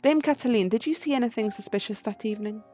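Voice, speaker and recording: A woman's voice: a little high, quick pace, dark tone, soft background music, lightly acted. A woman reading lines for an earnest bird lawyer in a video game, formal and courteous.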